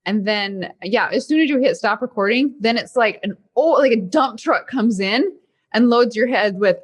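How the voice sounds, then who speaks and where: A woman's voice: fairly high pitch, expressive, normal speed, husky. A woman hosting a podcast, chatting casually and animatedly, laughing often. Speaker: podcast host. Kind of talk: casual conversation.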